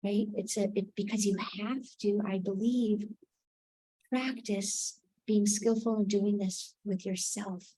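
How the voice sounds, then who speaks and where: A woman giving a reflective spiritual teaching, unhurried, often checking in with "right?". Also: mid-range voice, dark tone, low-quality recording.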